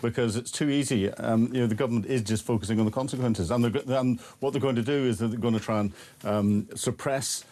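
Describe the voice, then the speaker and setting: A man's voice: medium pitch, steady tone, fast, mellow. Northern Irish man, radio guest. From Northern Ireland. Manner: agreeable, with hesitant fillers. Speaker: studio guest, former military intelligence officer. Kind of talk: radio panel discussion.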